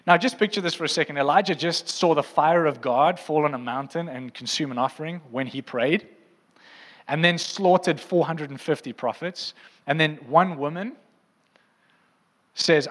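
A man's voice: on the high side, moderate pace, fairly bright tone. A man preaching a sermon to his congregation, fervent and playful, teasing the room now and then. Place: church auditorium. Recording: long hall reverb in a church.

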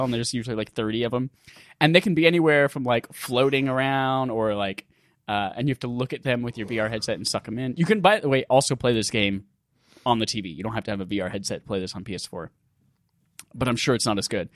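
A man hosting a casual gaming podcast, recounting a game in an animated, profane, laugh-filled way. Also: mid-range voice, dry recording, studio quality. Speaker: podcast host.

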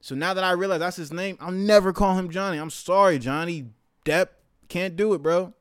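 Young male podcast host, raised pitch and a clean, resonant tone; loose, slang-heavy, animated solo rant. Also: moderate pace, clear, resonant tone. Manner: slangy, profane, animated rants. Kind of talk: casual monologue.

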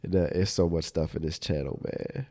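A man's voice: low-pitched, moderate pace, mellow. A man co-hosting a casual faith podcast, a little stuffy from a sinus problem, chuckling as he talks. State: a bit stuffy from sinus trouble. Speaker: podcast co-host.

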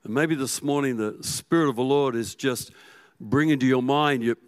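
A man preaching a sermon as pastor, telling the story with animation and swinging from loud to hushed. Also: medium pitch, moderate pace, smooth.

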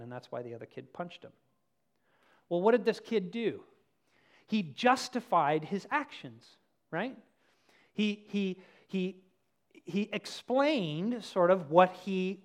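A pastor preaching a sermon in an animated way, acting out stories and swinging between loud and hushed delivery. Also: mid-range voice, moderate pace.

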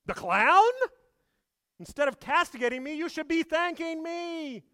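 A man voicing a panicky, selfish grown man who shouts and excuses himself after fleeing a fire. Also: extremely high pitch, lively intonation, unhurried, dry recording, studio quality, voice pushed up, exaggerated voice. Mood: self-justifying. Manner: frantic, loud, self-justifying.

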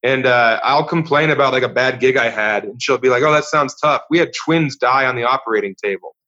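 Male guest comedian, easygoing storyteller, bright tone, muffled lo-fi recording. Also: mid-range voice, brisk. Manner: easygoing anecdotes, chuckling as he talks. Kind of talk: casual chat.

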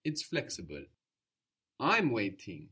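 A man teaching a spoken language lesson, patient and encouraging, explaining slowly and repeating words. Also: fairly low pitch, wildly swooping pitch, bright, forceful tone, husky.

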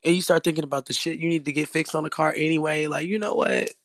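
Woman, quick joking casual chat, dry close mic. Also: low voice, flat delivery, no room sound.

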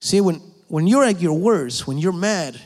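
A man preaching a sermon, emphatic and pleading, dropping at times to hushed whispers. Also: high-pitched, animated, a little slow, big-room sound.

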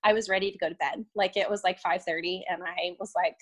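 A young woman guest recounting a painful personal experience in casual, halting talk, full of "um" and "like" and restarts. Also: on the low side, steady tone, fairly bright tone. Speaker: podcast guest; violin teacher.

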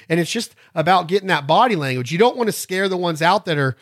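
Middle-aged man, casual teaching host, high bright voice, rambling and folksy. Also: lively intonation, fast talker. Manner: folksy and rambling, breaks into loud duck calls. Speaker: podcast host and duck calling instructor. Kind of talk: casual instructional talk.

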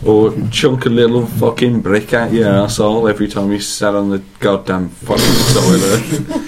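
A man's voice: fairly low pitch, a little slow, hardly any pauses, a crowd in the background. A man co-hosting a comedy show, posing crude, absurd would-you-rather questions.

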